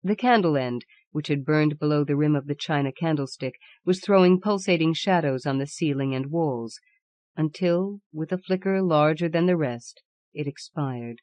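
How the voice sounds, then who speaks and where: Low-voiced woman reading a story. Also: no room sound. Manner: measured, even storytelling. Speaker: audiobook narrator. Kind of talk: scripted narration.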